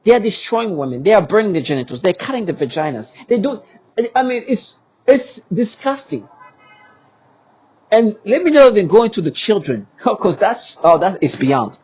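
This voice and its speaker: A man with a somewhat high, husky voice delivers an agitated monologue to camera. His pitch swings widely as he presses his points with repetitive rhetorical questions. The audio is dull and lo-fi. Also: very animated, moderate pace, darkish tone. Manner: emphatic and repetitive, with many restarts and rhetorical questions. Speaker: vlogger.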